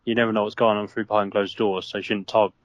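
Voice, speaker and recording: A man making quick, dry remarks in casual podcast chat. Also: lowish voice, flat delivery, no echo, highs cut off. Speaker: podcast co-host.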